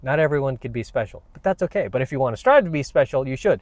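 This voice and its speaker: A man's voice: medium pitch, lively intonation, fast, no room sound. A man hosting his own channel, ranting to camera in a blunt, preachy, combative way. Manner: blunt, combative and preachy, many "you know what"s. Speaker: vlogger, self-help channel host.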